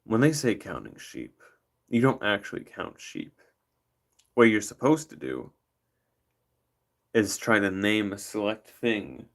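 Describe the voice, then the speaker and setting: Low, gravelly man rambling on stream. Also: sing-song, a little slow, long pauses. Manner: rambling, joking, playful. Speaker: livestream host. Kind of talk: casual rambling livestream chat.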